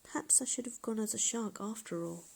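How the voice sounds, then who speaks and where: A woman's voice: a little high, fairly quick, creaky, slightly rough. A woman voicing a timid, hesitant older man who mutters to himself. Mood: glum. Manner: mumbling, hesitant.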